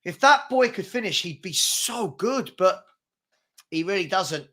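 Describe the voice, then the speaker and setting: An English man co-hosting a live football stream, with a voice a little higher than most. He talks casually about the match and rambles, with plenty of fillers and restarts. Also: lively intonation, a little slow, fairly bright tone. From England.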